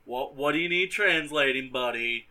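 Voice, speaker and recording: A man's voice: medium pitch, moderate pace, sharp tone. A man voicing an exasperated middle-aged father who talks bluntly and sarcastically. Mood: sarcastic.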